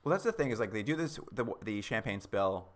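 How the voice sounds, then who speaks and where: A man's voice: lowish voice, a little fast. A man co-hosting a podcast, casually recapping a TV episode with sarcastic asides and acted-out quotes. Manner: animated, sarcastic, acts out quotes. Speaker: podcast co-host.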